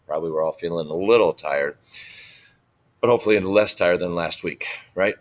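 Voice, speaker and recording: A man teaching a recorded Spanish lesson, patiently repeating words slowly for students to copy. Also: low voice.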